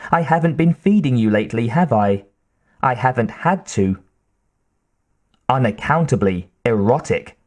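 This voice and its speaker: Measured male audiobook narrator. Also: mid-range voice. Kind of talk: scripted narration.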